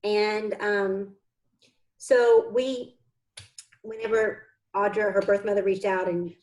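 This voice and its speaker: A woman guest in a conversational interview tells her story as an adoptive mother. She sounds heartfelt and earnest, close to tears, with a voice of middling pitch. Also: fairly even intonation, slow, darkish tone, low-quality recording.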